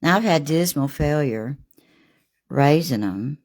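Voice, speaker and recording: A woman hosting a live painting demo, chatting warmly with viewers by name as she works. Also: low-pitched, animated, takes it slowly. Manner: homey and gushing, talks to viewers by name.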